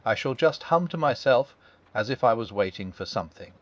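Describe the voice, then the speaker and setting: A man voicing a gentle, simple-minded male bear who thinks things through slowly and earnestly in a storybook reading. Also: medium pitch, lively intonation, natural voice. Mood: thoughtful. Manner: slow, thoughtful, earnest. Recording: dull lo-fi.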